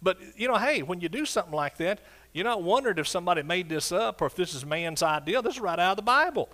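This older pastor's sermon in the church sanctuary bursts with hallelujahs, whoops and exuberance. He sings the scripture slowly and at length, his high voice expressive, pushed and bright.

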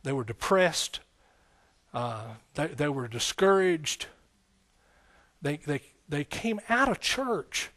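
A man preaching a sermon as pastor and Bible teacher, in a folksy, energetic style that repeats its phrases and calls out "amen". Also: high voice.

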